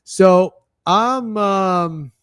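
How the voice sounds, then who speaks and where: A young man hosting a sports betting livestream, talking casually and excitably, swearing often and rambling through restarts as he runs through his picks. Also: high-pitched, drawn-out words, smooth, no room sound, studio quality. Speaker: sports betting show host.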